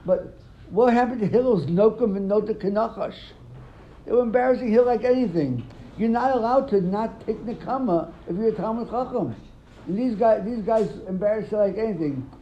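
A man's voice: high-pitched, a little fast. A man teaching a Talmud class, quizzing his students and retelling stories animatedly, often repeating words. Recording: dull lo-fi sound, faint room ambience.

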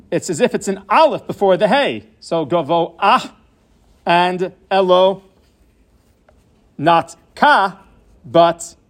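A man teaching a lesson on Hebrew pronunciation, patient and repetitive, spelling out letters and examples one by one. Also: sits high. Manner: patient, repeats key points, spells out letters. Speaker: Torah teacher.

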